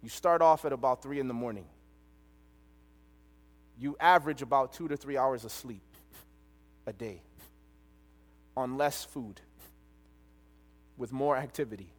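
A man preaching a sermon, telling a personal story with animated delivery and quoted dialogue. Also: medium pitch, a little slow, pauses often. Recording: long reverb of a large hall.

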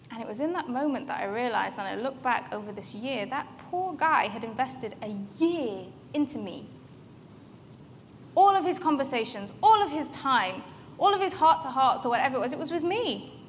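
A woman's voice: high voice, animated, moderate pace. A woman in her thirties with a Northern English accent, candidly telling a personal story as a co-host, sometimes dropping to a whisper. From northern England. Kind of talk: personal testimony talk. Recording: reverberant hall, faint background noise.

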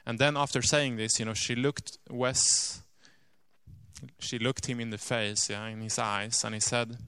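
A man telling a story in a sermon, earnest and dotted with "you know", sinking to a hush at grave moments. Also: mid-range voice, little pitch movement, a little slow, smooth, no echo. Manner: drops to a hushed voice at grave moments.

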